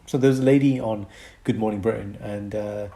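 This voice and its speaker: A man's voice: on the low side, steady tone, normal speed, mellow. A man co-hosting a casual podcast, explaining medical conditions and chuckling between points.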